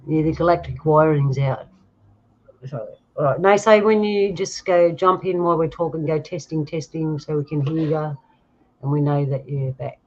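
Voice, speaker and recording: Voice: medium pitch, moderate pace. A host in their fifties, chatting casually on a video call livestream and laughing often. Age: 50s. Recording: dull lo-fi stream audio.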